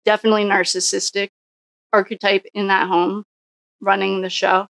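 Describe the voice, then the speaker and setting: A woman's voice: mid-range voice, level tone, normal speed, creaky, a bit bright, no room sound. A woman doing a casual solo tarot reading, musing and thinking aloud with frequent restarts. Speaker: psychic tarot reader.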